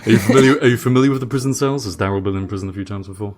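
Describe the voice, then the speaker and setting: A man's voice: fairly low pitch, very fast, a little mellow, faint music behind. A man co-hosting a casual chat and narrating a role-play as game master, teasing in a dry, wry way.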